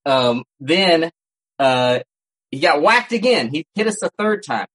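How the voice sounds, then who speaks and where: On a casual podcast, a male co-host rambles through stories with lots of restarts, speaking unhurriedly in a higher, fairly bright, slightly rough voice with lively intonation. It's a rough home recording, with a cat nearby.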